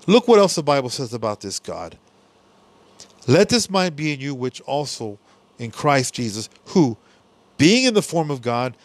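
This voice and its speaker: A man preaching a Bible study sermon for a podcast, earnest and repetitive, often trailing off softly on "my friends.". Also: mid-range voice. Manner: earnest preaching, repeats "my friends", drops soft on tag phrases.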